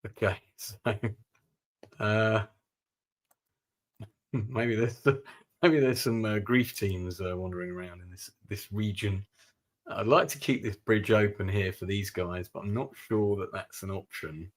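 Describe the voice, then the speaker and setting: A man's voice: fairly low pitch, moderate pace. A man streaming a strategy game, giving gameplay commentary and thinking aloud with muttered asides.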